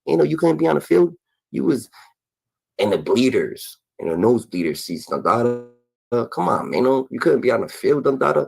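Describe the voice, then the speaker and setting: A man's voice: mid-range voice, very animated, moderate pace, gravelly, a little mellow, low-quality recording. A man reacting to an interview clip in a profane, mocking rant, padding his lines with a chanted filler. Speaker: reaction commentator.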